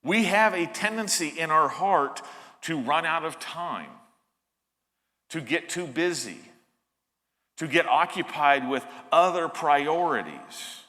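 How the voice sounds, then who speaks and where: A man's voice: fairly high pitch, animated, slow, pushed and bright, long reverb tail. A man preaching a sermon as pastor, earnest and emphatic, often restarting his phrases. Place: church sanctuary.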